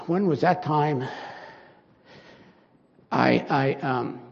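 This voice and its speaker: A man's voice: medium pitch, drawn-out words, creaky. Older man preaching in an echoing hall. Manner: rambling, conversational, acts out little dialogues. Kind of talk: informal sermon. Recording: dull sound with long hall reverb.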